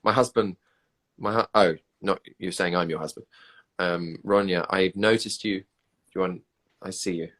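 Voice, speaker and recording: Man, lowish voice, casual livestream chat, laughs a lot, reads out comments. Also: normal speed, a bit bright. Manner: chatty, laughs often, answers viewer comments. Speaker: livestream host reading comments.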